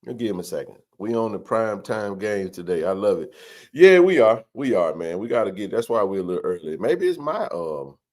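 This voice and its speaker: Man, low voice, swinging pitch, casual live-stream host, joking, greets chat by name. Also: sing-song, fairly quick, darkish tone.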